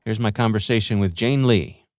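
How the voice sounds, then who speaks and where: A man's voice: on the low side, normal speed, a little mellow, no echo, studio quality. A man hosting a podcast, asking questions and laughing along in casual chat. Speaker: podcast host.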